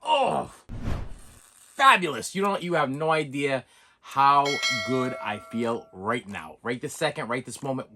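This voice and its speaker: Middle-aged man, excitable vlogger, repeats lines, voice jumps around. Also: medium pitch, a little slow, background noise. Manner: animated, repetitive, excitable. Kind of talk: casual storytelling vlog.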